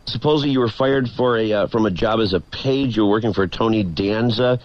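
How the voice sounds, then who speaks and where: A man's voice: lowish voice, a little fast, no echo, dull audio. A man hosting a radio show, blunt, asking pointed questions in a casual interview. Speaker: radio host.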